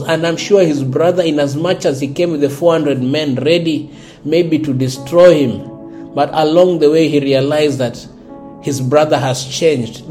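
Mellow-voiced man preaching a sermon. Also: fairly high pitch. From South Sudan. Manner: earnest, repeats words while searching for phrasing. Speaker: pastor.

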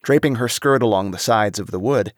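A man narrating a storybook with an expressive reading. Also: on the low side, brisk, no echo, clean studio sound.

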